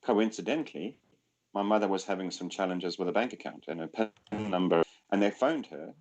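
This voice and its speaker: Male podcast host, lower register, relaxed storytelling chat, animated delivery. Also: brisk. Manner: animated, acts out quoted voices. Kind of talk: casual chat.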